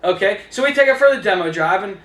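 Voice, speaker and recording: Pitched high and moving at a quick pace, a man's voice fills a roomy-sounding space while he teaches salespeople. He's energetic, addresses the trainees head-on, and acts out what he says to customers, so the lesson mixes instruction with role-played dialogue.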